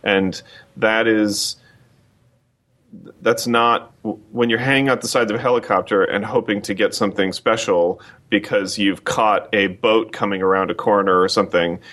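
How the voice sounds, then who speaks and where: A man's voice: on the low side, steady tone, normal speed, a bit bright. A man being interviewed on a podcast, telling long anecdotes with frequent restarts and fillers. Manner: rambling anecdotal storytelling with many restarts. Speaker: guest.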